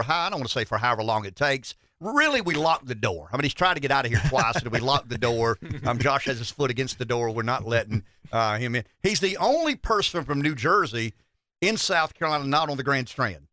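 A man's voice: medium pitch, pushed and bright, no room sound, clean studio sound. A middle-aged man hosting a talk radio show, joking and folksy, often repeating words as he gathers his thoughts. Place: radio studio.

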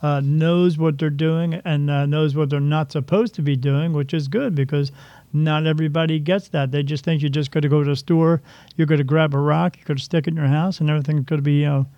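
A man's voice: on the high side, steady tone, brisk, warm tone, dry recording. A man hosting a casual talk show, rambling and joking with many restarts, in a dull lo-fi recording. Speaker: podcast host. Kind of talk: casual chat. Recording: dull lo-fi dry sound.

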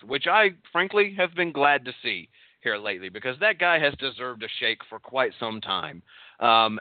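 A man's voice: mid-range voice, no room sound. Rambling man on a tinny line. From Texas. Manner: rambling, filler-heavy, self-correcting. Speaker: podcast host. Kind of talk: casual wrestling recap chat.

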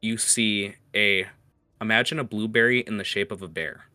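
A man's voice: on the low side, fairly even intonation, normal speed, bright, forceful tone, dry recording. A man narrating as game master of a tabletop game, hesitant with many fillers.

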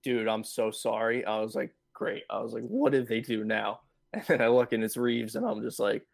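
A man joining a podcast for casual chat, delivering dry, wry jokes. His voice has a gravelly, creaky edge and sits at an ordinary pitch. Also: little pitch movement, normal speed.

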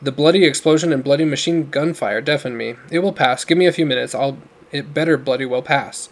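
A man voicing a big, deafened father who shouts in a booming voice. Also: a little fast, natural voice. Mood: blustering. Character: loud deafened father with a mustache.

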